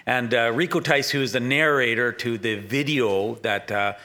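Bright-voiced rambling middle-aged pastor. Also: male voice, mid-range voice, moderate pace. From Canada. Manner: rambling, self-correcting, conversational. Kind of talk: sermon.

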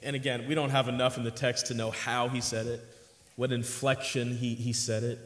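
A man in his thirties preaching a sermon, moving between hushed reflection and emphatic points, recorded in a large hall. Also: mid-range voice, flat delivery, fairly quick. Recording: echoey hall with long reverb.

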